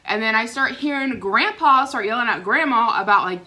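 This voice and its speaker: Young woman, casual storytime vlogger, rambling and chatty, fairly high bright voice. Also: lively intonation, fast, few pauses. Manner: chatty, rambling, quotes neighbors in raised voice. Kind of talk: casual storytime while eating.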